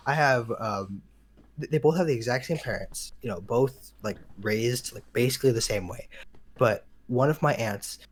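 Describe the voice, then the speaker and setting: A man's voice: medium pitch, normal speed. Young man rambling in casual podcast chat. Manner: rambling, chuckling storyteller. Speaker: podcast co-host.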